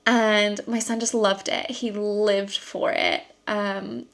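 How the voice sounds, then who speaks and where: Woman vlogger, mid pitch, casual and rambling, fillers everywhere, animated when telling a story. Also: slow. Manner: chatty and rambling, with frequent ums and likes; lively storytelling with laughs. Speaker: vlogger and costume maker. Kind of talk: casual chat to camera.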